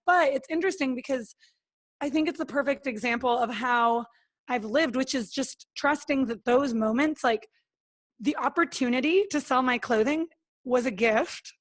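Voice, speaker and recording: A woman's voice: high voice, moderate pace. A woman talking as a podcast guest in a casual, earnest and motivational way, acting out her own thoughts and what others said. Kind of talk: casual interview talk.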